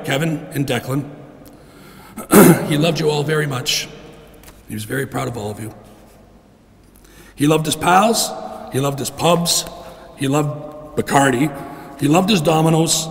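A middle-aged man giving a heartfelt funeral eulogy for his father in a church, clearing his throat often. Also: fairly high pitch. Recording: long reverb in a church.

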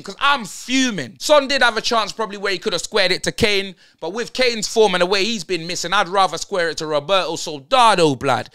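A man's voice: sits high, sharp tone. A young man, hosting a football fan channel and ranting through player ratings in heavy slang.

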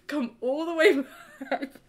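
A woman co-hosting a game stream, chatting casually and telling an animated story with frequent laughter. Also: sits high, slow pace. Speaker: gaming streamer co-host. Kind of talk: casual chat while playing.

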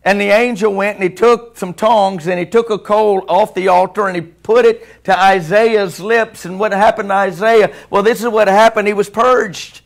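Guy preaching in church, kinda high voice, keeps asking the folks questions. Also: steady tone, moderate pace, creaky, hardly any pauses. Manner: conversational preaching, asks the congregation questions. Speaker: pastor. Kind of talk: sermon. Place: church sanctuary.

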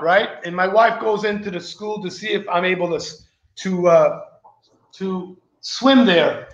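A man with a high, sharp voice and noticeable vocal fry hosts a vlog, telling his viewers a rambling story in a casual, chatty manner. The recording is echoey and slightly dull.

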